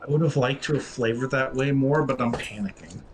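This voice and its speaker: A man's voice: mid-range voice, brisk, slight background noise, poor audio. A man playing a tabletop game in casual chat, fretting aloud about what comes next. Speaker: player.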